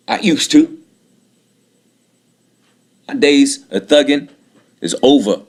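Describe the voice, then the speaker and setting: A man's voice: a little high, lively intonation, takes it slowly, long pauses. A man in his late thirties giving a bitter, aggrieved personal monologue, repeating himself and swearing often. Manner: bitter, aggrieved, repetitive, profane.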